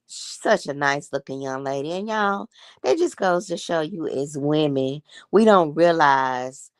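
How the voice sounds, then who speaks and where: In a clean, dry studio recording, a woman in her sixties chats casually on her livestream, trading gossip and calling her audience y'all. She speaks with a deep voice at a measured pace.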